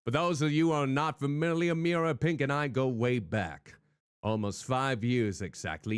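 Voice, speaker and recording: A man's voice: mid-range voice, clear, resonant tone, no room sound, clean studio sound. A man streaming a game, talking in a put-on hardboiled noir private-eye voice and chatting with his viewers. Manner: chatty, greets viewers by name. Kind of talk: live game-stream commentary. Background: faint background music.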